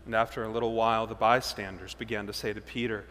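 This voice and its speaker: A man's voice: little pitch movement, fast talker. Dramatic preacher man in a reverberant hall. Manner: dramatic, swings between loud emphasis and hushed low tones. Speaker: pastor. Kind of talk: sermon.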